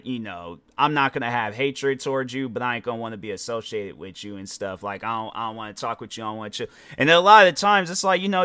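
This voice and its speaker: A man's voice: mid-range voice, fairly bright tone, smooth, dry recording. A tired young man hosting his own podcast, talking casually and rambling, often stumbling over his words. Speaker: podcast host. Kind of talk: casual solo podcast monologue.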